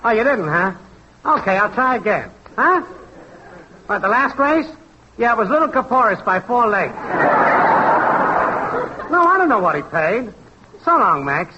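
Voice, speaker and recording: A brash, high-pitched network technician in a radio comedy. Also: male voice, very animated, a little slow, pauses often. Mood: phone banter. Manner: loud, slangy, sing-song test calls. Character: brash wisecracking male network technician, slangy and pushy. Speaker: comic actor in a radio sketch. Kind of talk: 1940s radio comedy acting. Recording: dull noisy 1940s radio broadcast.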